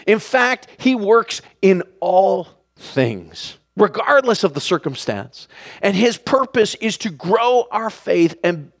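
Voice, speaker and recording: A man preaching a sermon, animated, acting out the lines of the people in the story. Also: high voice, takes it slowly. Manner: animated, acts out the characters' lines.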